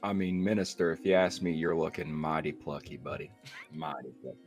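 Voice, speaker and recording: A man's voice: very deep voice, fairly quick, soft background music. A man playing a tabletop character, teasing in a drawl.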